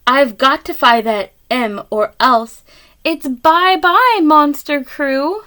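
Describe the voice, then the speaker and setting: A woman's voice: sits high, takes it slowly, pushed and bright, full character voice. A tearful little monster boy, read by a woman. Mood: sad. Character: sad lonely young male monster.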